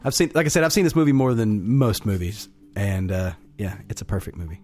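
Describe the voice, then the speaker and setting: A man's voice: on the low side, lively intonation, a little fast, a little mellow. Laid-back, dry-joking podcast co-host, man. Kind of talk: casual movie podcast chat.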